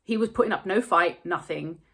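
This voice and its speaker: A woman's voice: fairly low pitch, a little fast, creaky, a bit bright, husky. A woman, telling a personal story to camera close to tears, candid and rambling, swearing freely. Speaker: vlogger.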